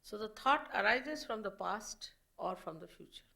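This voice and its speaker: A woman teacher delivers a public spiritual lecture at an unhurried pace. Her voice has a gravelly, creaky edge and sits at an ordinary middle pitch. She explains in measured phrases, pausing between points. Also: expressive, pushed and bright. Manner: slow, measured explaining with pauses.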